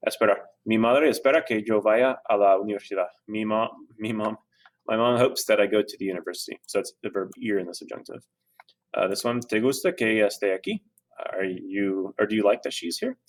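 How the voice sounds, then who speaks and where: A man talks through a screen-recorded grammar lesson. He sounds relaxed and conversational, dropping fillers and correcting himself as he goes. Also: fairly low pitch, a little fast. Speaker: Spanish teacher.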